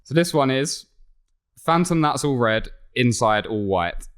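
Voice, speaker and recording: A man's voice: medium pitch, measured pace, smooth. A man in his twenties with an English accent, co-hosting a podcast and running a lyrics quiz in casual chat, laughing often. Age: 20s. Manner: laughs often, reads lyrics aloud flatly.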